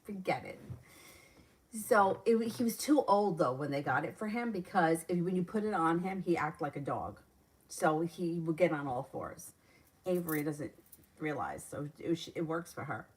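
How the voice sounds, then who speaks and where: Low-voiced woman giving tarot readings. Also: animated, moderate pace. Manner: reads viewer questions aloud and answers briefly; chatty, laughing storyteller between readings. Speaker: tarot reader. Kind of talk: live-stream tarot readings.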